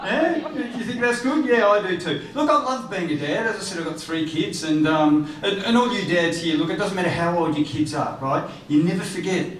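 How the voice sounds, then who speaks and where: A middle-aged man works the room in a stand-up set, high in pitch and full of quick asides aimed at the crowd. His voice carries from some distance off the mic and rings around a strongly echoing room. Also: slight background noise. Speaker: stand-up comedian.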